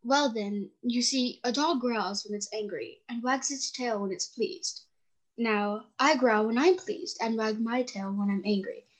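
An actress playing a grinning, riddling cat who teases with matter-of-fact logic. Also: female voice, a little high, measured pace. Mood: teasing. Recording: dull lo-fi sound.

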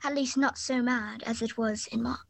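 A woman's voice: a little high, fairly even intonation, normal speed, vocal fry, rough recording. An actress playing a polite, curious young girl who speaks in a wondering, courteous way.

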